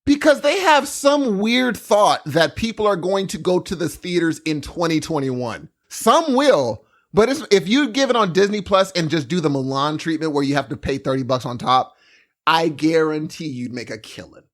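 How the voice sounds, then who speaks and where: A man co-hosting a podcast in casual chat, excitable and emphatic, laughing often. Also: fairly high pitch, moderate pace. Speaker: podcast co-host.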